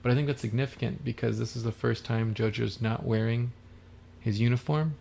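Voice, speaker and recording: A man's voice: medium pitch, fairly even intonation, a little fast, creaky, darkish tone, a little hiss or hum. A man co-hosting a podcast, chatting casually about a film and retelling its scenes step by step. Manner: retells movie scenes step by step, slipping into quoted dialogue. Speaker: podcast co-host.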